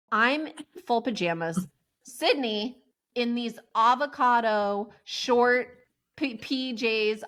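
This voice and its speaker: A woman co-hosting a podcast, telling a story in casual chat and acting out the quotes, often with laughter. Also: a little high. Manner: animated, laughing, acts out quotes in raised voices. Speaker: podcast co-host.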